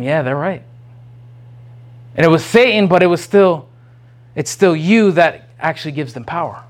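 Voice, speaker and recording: High-voiced man preaching a rambling sermon. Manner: rambling, restarts often, rising to urgent questions. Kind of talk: informal sermon.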